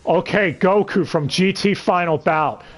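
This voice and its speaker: A man co-hosting a casual anime review podcast, talking in an animated, jokey way with sarcastic asides. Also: high-pitched, measured pace, faint music behind. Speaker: podcast co-host.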